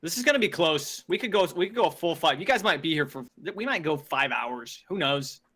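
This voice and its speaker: Bright-voiced male esports co-caster. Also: a little high, animated, a little fast. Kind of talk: live game commentary.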